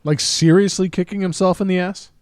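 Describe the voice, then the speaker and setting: A man's voice: sits high, fairly even intonation, brisk, clean tone, no echo, clean studio sound. A man co-hosting a casual sports chat, blunt and opinionated, often repeating himself as he makes his picks. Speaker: podcast co-host.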